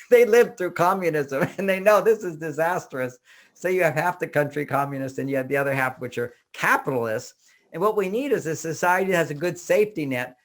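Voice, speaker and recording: An older American man giving a relationship talk in a casual, animated way, acting out little cries and quoted voices. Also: a little high. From United States. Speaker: relationship author and speaker.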